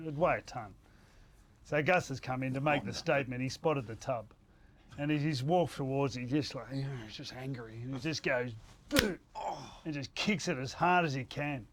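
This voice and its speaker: A man's voice: mid-range voice, normal speed, slight background noise. A man with an Australian accent, co-hosting a sports show and telling rambling stories with chuckles. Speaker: co-host. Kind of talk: casual storytelling.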